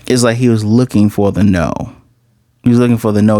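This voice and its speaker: Man, low voice, dry close sound, casual animated recap, quoted dialogue. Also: fairly quick, no echo. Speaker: anime reviewer.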